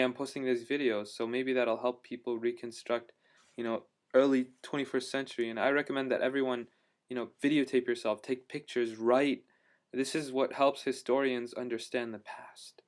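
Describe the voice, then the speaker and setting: A man's voice: medium pitch, little pitch movement, normal speed. A man telling a travel story in a casual video diary, rambling with lots of fillers and restarts, enthusiastic about what he saw. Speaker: travel vlogger.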